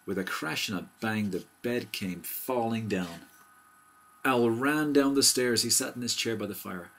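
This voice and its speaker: Deep voiced guy reading a bedtime story, gentle and even. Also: a little slow.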